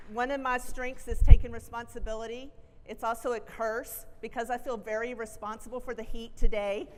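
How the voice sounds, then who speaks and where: A woman's voice: on the high side, darkish tone, a little hiss or hum. Texan woman speaking in a reverberant hall. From Texas. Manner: friendly, chatty, self-deprecating asides. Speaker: college president giving a keynote. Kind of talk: conference keynote speech. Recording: reverberant auditorium.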